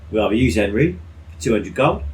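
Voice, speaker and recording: A man's voice: on the low side, big pitch swings, fairly quick, a little mellow. A man playing a tabletop game, casual and quizzical, asking lots of questions. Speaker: player.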